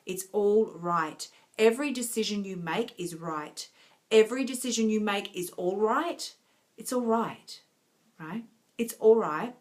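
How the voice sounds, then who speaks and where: A woman's voice: mid-range voice, unhurried, darkish tone. A woman, a health coach chatting casually with viewers on a live stream, laughing often and giving encouraging advice.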